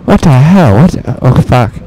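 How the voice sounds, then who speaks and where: Profane, excitable young man gaming. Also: mid-range voice, normal speed, a little hiss or hum. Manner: profane, excitable, talks to himself while playing. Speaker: let's play gamer. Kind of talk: let's play commentary.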